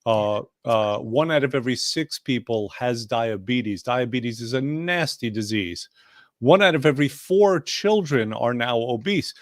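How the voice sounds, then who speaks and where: Rich: A man hosting a wellness chat from a video call, his voice dry and close with no room around it. He speaks at an everyday middle pitch and teases while he persuades, joking between points. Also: animated, unhurried, no echo. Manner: playful, jokey and persuasive. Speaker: wellness program coach and host. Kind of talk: casual panel chat.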